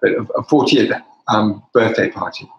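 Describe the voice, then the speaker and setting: A man's voice: fairly low pitch, normal speed, creaky, muffled recording. An older man from Britain, a wine bar owner, chatting as an interview guest, often restarting his sentences. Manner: hesitant, many restarts and fillers. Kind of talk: casual interview. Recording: roomy echo.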